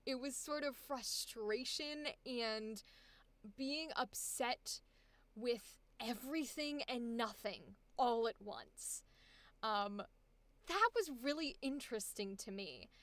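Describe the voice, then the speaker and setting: A woman coaching an actor in a live session, her voice fairly high and bright. She sounds enthusiastic and encouraging. The sound is close and dry. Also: lively intonation, slow pace, no room sound. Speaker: voice acting coach.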